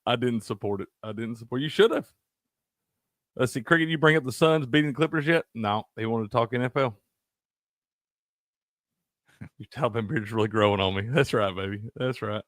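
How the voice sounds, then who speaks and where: A man's voice: mid-range voice, moderate pace, long pauses, dry recording, studio quality. A man co-hosting a casual sports betting chat, cursing freely and laughing often. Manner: profane, animated, laughs a lot. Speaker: sports betting show co-host.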